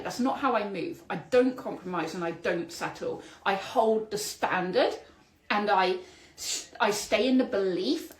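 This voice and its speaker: A woman hosting a solo podcast, telling a story in an animated, exclamatory way with spiritual vocabulary. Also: mid-range voice, echoey room, low-quality recording. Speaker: podcast host.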